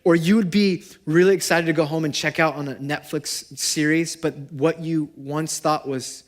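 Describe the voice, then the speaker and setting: A young adult man preaching a sermon to his congregation in a conversational way, asking them questions and moving between loud and hushed. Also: on the high side, fairly even intonation, moderate pace. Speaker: pastor. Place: church service before a congregation.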